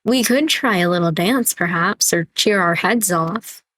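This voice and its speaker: A woman's voice: fairly low pitch, a little slow, fairly bright tone, dry recording. A woman voicing a loyal, fretful young male helper who sounds hesitant and unsure.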